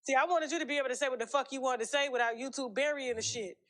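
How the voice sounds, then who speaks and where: A woman's voice: high voice, a bit bright, slight background noise. A woman hosting a casual interview, blunt and profane. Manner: blunt, profane, fast talk. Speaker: interview host.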